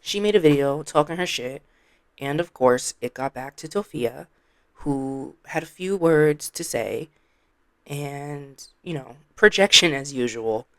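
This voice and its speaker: A commentary vlogger with a blunt, sassy manner, talking straight to the audience. The voice sits mid-pitch and sounds close and dry. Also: expressive, measured pace, no room sound. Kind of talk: casual commentary.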